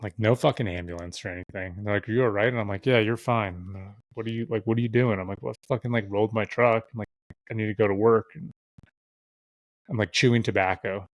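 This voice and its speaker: A young man with a lowish voice tells a winding story in casual podcast chat. He swears freely and puts on the voices of people he quotes. The sound is close and dry, with no room around it. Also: fairly even intonation, fast, dry recording. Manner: rambling, heavy swearing, acts out quoted voices. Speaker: podcast guest.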